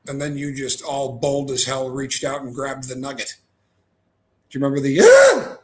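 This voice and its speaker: A man's voice: mid-range voice, flat delivery, moderate pace, slight background noise. A man co-hosting a casual live stream, talking in a rambling, hesitant way with many fillers.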